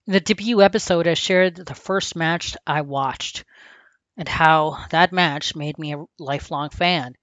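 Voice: mid-range voice, measured pace, a bit bright, no echo, highs cut off. A podcast host from Canada, reading a scripted, earnest and reflective piece about a lifelong love of a sport. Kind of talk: scripted narration.

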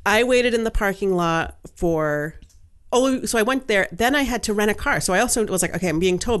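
Chatty woman with a lowish voice. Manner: animated, chatty, laughs often, many fillers. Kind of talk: casual chat, storytelling.

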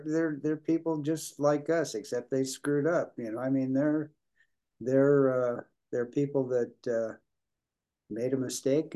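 An older priest talks through his answers in a mellow, warm voice at a middle pitch. He stops and restarts often, repeating words and filling gaps with "you know" and "uh". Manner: halting, repeats words, many fillers. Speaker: Episcopal priest, prison minister. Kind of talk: conversational interview answers.

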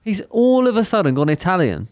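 A man's voice: high voice, sing-song, fairly quick, a little mellow, no echo, clean studio sound. A man chatting on a podcast, spinning jokey asides. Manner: joking storyteller, trails off and restarts. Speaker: podcast co-host. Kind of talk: casual chat.

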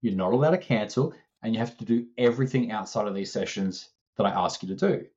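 A man co-hosting a casual podcast, telling an animated story and acting out both sides of the conversation, swearing now and then. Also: on the low side, fast, muffled recording. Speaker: strength coach co-host.

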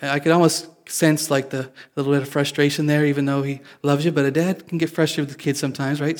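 A man's voice: fairly high pitch, flat delivery, quick pace, hardly any pauses. A man preaching a sermon in a casual, confessional way, joking with his listeners. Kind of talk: conversational sermon.

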